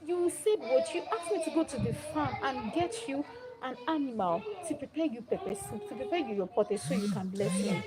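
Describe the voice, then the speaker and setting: A woman's voice: high voice, sing-song, brisk, pitched above the performer's own voice, rough recording. A woman voicing a grown son who was wronged and pleads with his father. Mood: pleading.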